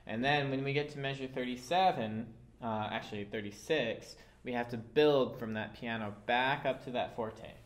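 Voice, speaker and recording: A man's voice: mid-range voice, moderate pace, hardly any pauses. A man teaching a violin part, explaining dynamics patiently with occasional fillers. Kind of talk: instrument lesson.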